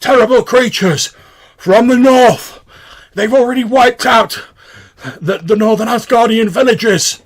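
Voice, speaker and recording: A man voicing a badly wounded northern warrior who shouts desperately at a gate to be let in. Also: very high voice, a little slow, voice pushed up. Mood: desperate shouting.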